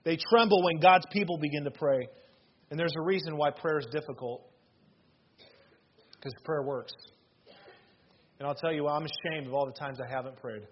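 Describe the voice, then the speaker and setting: A man in his thirties preaching a sermon as pastor, earnest and emphatic, with sudden loud bursts. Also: fairly high pitch, normal speed, long pauses, lo-fi sound, a little hiss or hum.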